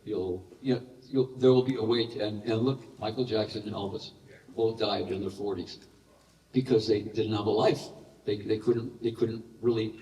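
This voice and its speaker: An older man telling animated anecdotes as a guest in a live question-and-answer session, breaking into laughter. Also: on the low side, moderate pace, a little hiss or hum. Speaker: interview guest. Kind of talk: storytelling in a live Q&A. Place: large hall with live audience. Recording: roomy echoey hall, heard from a distance.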